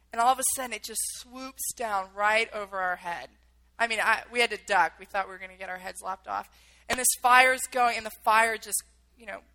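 A woman's voice: fairly high pitch, sharp tone, poor audio. A woman telling a personal story in a vivid, emotional way, acting out the quotes.

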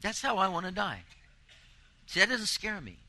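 A man's voice: high voice, sing-song, moderate pace, pushed and bright, low-quality recording. A man preaching a sermon, earnest and emphatic, building intensity with repeated phrases. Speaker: pastor.

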